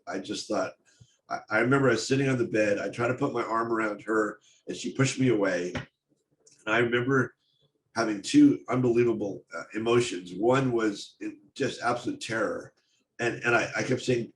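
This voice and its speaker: An older man giving a personal storytelling talk on stage, speaking in a halting, intense way with many restarts. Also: lowish voice. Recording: echoey room, faint noise.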